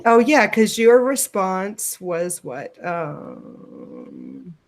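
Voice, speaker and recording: A woman's voice: fairly low pitch, wildly swooping pitch, drawn-out words, creaky. A woman co-hosting a casual livestream chat, talking loosely with many fillers and restarts. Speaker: podcast co-host.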